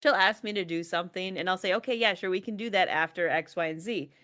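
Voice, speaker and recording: A woman in her thirties co-hosting a casual podcast, telling lively stories with frequent laughter and casual swearing. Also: lowish voice, fast talker. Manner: animated storytelling, laughs often, swears casually. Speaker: podcast co-host. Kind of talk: casual chat.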